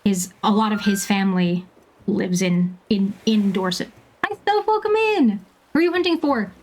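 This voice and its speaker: A woman around thirty from Bermuda, chatting casually with viewers while she plays a game, laughing often and filling pauses with ums. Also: medium pitch, a little mellow. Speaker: streamer.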